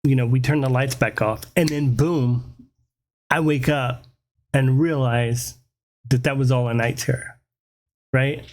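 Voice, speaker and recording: A man telling a personal story in a casual, animated way, swearing freely and often checking in with "right?". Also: mid-range voice, a little slow, long pauses. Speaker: podcast host.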